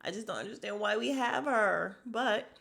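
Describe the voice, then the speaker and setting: A woman's voice: medium pitch, normal speed, vocal fry, a bit bright. A woman hosting a podcast, chatting casually as she recaps a reality show, acting out what people said and dropping to a whisper for sad moments.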